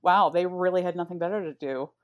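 Podcast co-host, low-pitched woman, reactive and irreverent. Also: fast talker, narrow, tinny audio. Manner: loose, reactive, swears and riffs with many fillers. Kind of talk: casual podcast chat.

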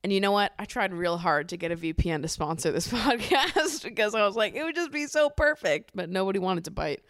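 A woman's voice: medium pitch, lively intonation, brisk, a bit bright, no echo, clean studio sound. A young adult woman hosting a casual chat podcast, bubbly and gushing, laughing often. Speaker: podcast host.

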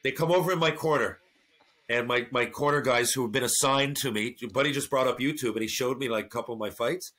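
A man telling a wild story on a podcast, casual and animated, swearing freely. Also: mid-range voice, quick pace. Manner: profane, animated anecdote-telling. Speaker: podcast guest.

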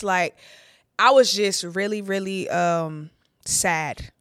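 A woman's voice: on the low side, extremely slow, pauses often, smooth, no echo, studio quality. Heartfelt woman sharing her testimony. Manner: conversational, heartfelt, with frequent "like" fillers. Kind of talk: candid personal testimony on a podcast.

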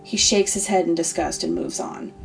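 A woman narrating a comedic story in a deadpan, sardonic way. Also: lowish voice, normal speed, gravelly. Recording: distant mic, faint music.

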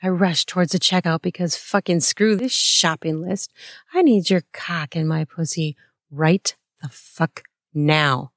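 Slow, breathy woman narrating erotica. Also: fairly low pitch, no room sound, studio quality. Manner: unhurried, breathy and playful, with soft laughs and gasps. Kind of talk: intimate first-person erotic narration.

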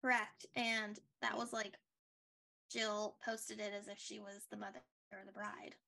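A woman's voice: medium pitch, little pitch movement, unhurried, vocal fry, sharp tone. A young woman co-hosting a podcast, chatting casually and rambling with lots of likes and restarts. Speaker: podcast co-host. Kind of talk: casual recap chat.

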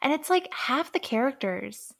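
Bright-toned chatty American woman. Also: sits high, very animated, normal speed, gravelly. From United States. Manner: chatty, many fillers, laughs often. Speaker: podcast co-host. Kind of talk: casual book-club podcast chat.

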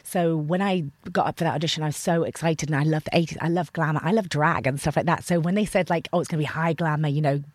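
A woman from Lincoln, England, chatting as an acting guest in an interview, animated and full of "like". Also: low voice, fast, hardly any pauses, dry recording. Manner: animated, heavy use of filler "like". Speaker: actor as guest. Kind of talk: casual interview chat.

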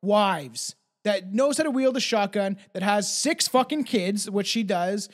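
A podcast co-host from outside the United States joins a casual true-crime show, speaking in a high-sitting, expressive voice at a measured pace. He is crude, swears, and laughs often.

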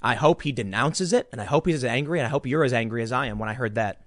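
A man's voice: medium pitch, quick pace, dry recording, studio quality. An American man giving emphatic, indignant political commentary, often repeating his words. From United States. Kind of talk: opinion commentary.

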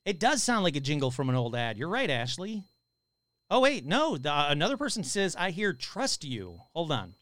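A man hosting a casual live stream who reads listener stories aloud and reacts with loud, swearing exclamations. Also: fairly high pitch, very animated, brisk, no echo.

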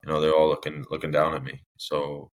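A man's voice: extremely low pitch, monotone, a little fast. A young man speaking as a podcast guest, telling his story in a casual, rambling way with many fillers and restarts. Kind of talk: candid personal storytelling.

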